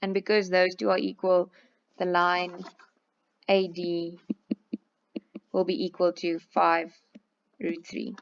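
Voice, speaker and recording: A South African woman with a lowish, creaky voice and flat pitch speaks slowly, leaving long pauses as she patiently walks a maths class through a test step by step. She switches between English and Afrikaans while explaining. The lo-fi recording sounds slightly dull.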